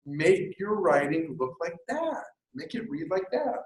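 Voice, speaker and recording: A man's voice: fairly high pitch, unhurried, a little hiss or hum. Jokey male writing instructor in an echoey classroom. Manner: lively, conversational, jokey asides. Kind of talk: classroom lecture.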